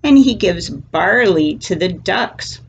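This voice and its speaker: Woman storybook reader, unhurried and animated, faint room hum. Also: fairly low pitch, dull audio. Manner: slow, gentle and expressive. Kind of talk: reading a children's picture book aloud.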